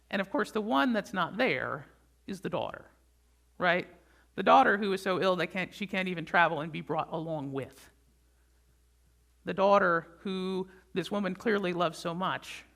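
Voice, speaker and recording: A pastor preaching a conversational sermon, often checking in with the congregation with a quick "right?". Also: medium pitch, gravelly, a bit bright.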